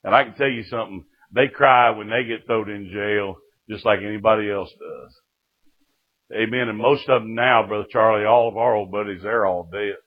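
Over a tinny, phone-like lo-fi recording, a middle-aged preacher speaks at normal speed in a lowish voice with fairly even intonation. He shares his testimony with fervor, punctuating the story with frequent "Amen"s.

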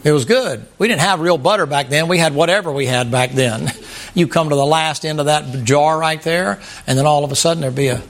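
Folksy older preacher, higher voice. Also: male voice, a little fast. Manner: folksy, humorous, plainspoken preaching. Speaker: pastor. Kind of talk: sermon.

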